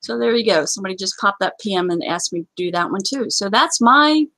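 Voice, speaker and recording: A woman's voice: medium pitch, expressive, a little fast, sharp tone, no echo, rough recording. A woman hosting a casual live game show, chatty and rambling, often apologizing. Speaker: livestream host.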